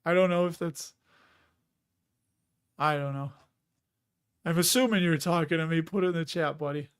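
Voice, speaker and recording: A man's voice: fairly high pitch, normal speed, clean tone. A middle-aged man casually chatting on a livestream, reading viewer comments, laughing often and restarting words. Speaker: livestream host.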